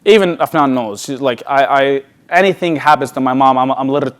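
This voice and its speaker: A man speaking at a sales event, telling an emotional personal story in a conversational way, often restarting his words and dropping to a soft, quiet voice. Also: medium pitch, lively intonation, moderate pace, clean tone. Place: large event hall.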